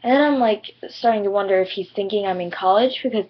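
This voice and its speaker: A woman's voice: medium pitch, quick pace. Rambling teenage girl, dull lo-fi audio. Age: teens. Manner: chatty, rambling, full of "like" and "you know". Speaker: vlogger. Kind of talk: casual storytelling to camera.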